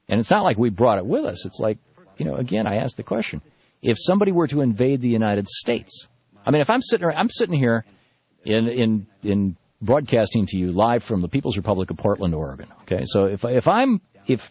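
A man hosting a political talk radio show from a studio, speaking in an animated, indignant way with many restarts. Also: medium pitch, breathy edge, dry recording. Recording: dull, slightly lo-fi radio broadcast.

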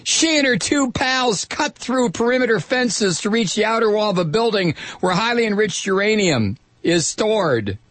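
A middle-aged talk radio host with a high-pitched voice reads out a news story, mocking it with sardonic asides and laughter. He's close to a studio mic, and there's no echo.

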